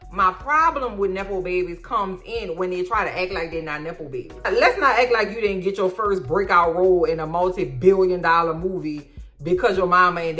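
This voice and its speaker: Sassy, slangy woman recapping a documentary. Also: on the low side. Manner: sassy, slangy, profane, animated asides. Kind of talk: casual recap commentary.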